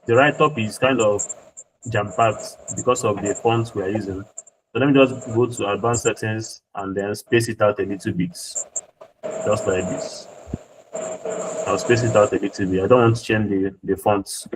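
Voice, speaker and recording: A man's voice: fairly low pitch, fairly even intonation, moderate pace, noisy background. A man tutoring a graphic design class, talking through each step on screen and repeating points to check his students follow. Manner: patient, repeats himself while working on screen. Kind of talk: screen-share tutorial walkthrough.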